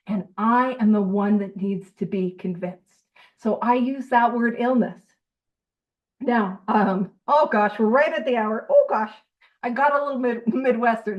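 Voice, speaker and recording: A woman's voice: a little high, lively intonation, normal speed, distant mic, low-quality recording. A woman co-hosting a recovery book study group in casual, digressive, self-deprecating talk over a video call.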